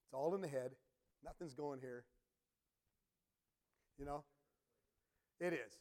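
A middle-aged man preaching a sermon as pastor, telling stories with bursts of shouting and imitated instrument sounds. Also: a little high, takes it slowly. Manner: animated storytelling, sudden shouts and imitated organ sounds.

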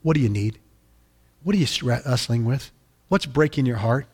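A gentle, loving father figure, as a preacher gives him voice, speaking in a soft, hushed tone. He coaxes tenderly and quietly, with an inviting warmth. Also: mid-range voice, expressive, rapid-fire, slightly rough.

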